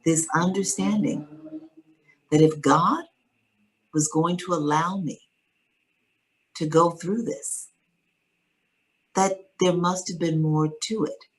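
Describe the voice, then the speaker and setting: A woman, a guest in an interview, calmly and reflectively retelling a personal story. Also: on the low side, slow pace, pauses often, husky, rough recording.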